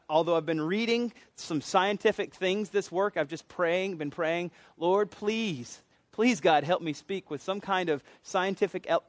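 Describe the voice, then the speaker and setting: In a slightly high voice with no echo, a middle-aged pastor with a Southern US accent leads a doctrine class. He teaches the sermon in a folksy, conversational style and pokes fun at himself along the way.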